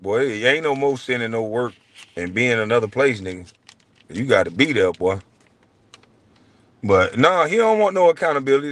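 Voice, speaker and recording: A middle-aged man hosting his show, ranting in a blunt, profane way and swinging between low mutters and loud outbursts. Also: no room sound. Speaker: show host. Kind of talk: heated livestream rant.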